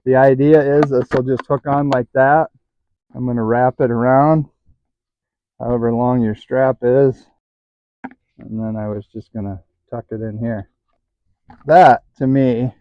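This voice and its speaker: A chatty man hosts his own hands-on DIY vlog from a garage workshop, joking at his own expense and chuckling as he works. His voice sits at a middle pitch. The recording is dry and a little dull. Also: dark tone, no room sound. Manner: chatty, self-mocking, chuckles often. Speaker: DIY channel host. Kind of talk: casual hands-on demo vlog.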